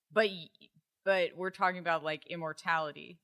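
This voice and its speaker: A woman talking films on a podcast in easy, casual conversation. Her voice sits a little lower than most women's. She reacts in a relaxed, agreeable way. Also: fairly quick. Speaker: podcast co-host. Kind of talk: casual movie review chat.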